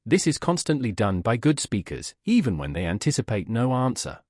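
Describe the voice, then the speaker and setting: A man's voice: mid-range voice, big pitch swings, moderate pace, a little mellow, dry recording, studio quality. A man reading as pompous auctioneer Trumbull. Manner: sonorous, self-satisfied. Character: pompous wordy middle-aged male auctioneer.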